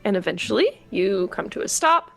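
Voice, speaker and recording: A woman's voice: mid-range voice, very animated, normal speed, creaky, soft background music. A woman narrating a tabletop game as game master, hesitant and giggly, with many ums.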